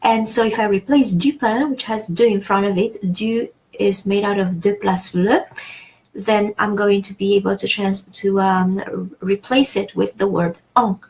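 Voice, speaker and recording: A woman's voice: medium pitch, fairly even intonation, measured pace, darkish tone, rough recording. A woman teaching a French lesson in English, explaining patiently with many fillers and restarts. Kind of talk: online language lesson.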